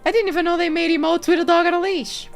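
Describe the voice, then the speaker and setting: A woman's voice: very high voice, fairly even intonation, quick pace, creaky, faint music behind. A woman streaming live and chatting casually with viewers; she giggles constantly and swears freely.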